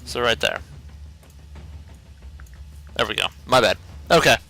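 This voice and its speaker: Player, man, bright tense voice, slow and unsure. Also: medium pitch, animated, creaky. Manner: thinks aloud, second-guesses himself. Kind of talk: tabletop game chat.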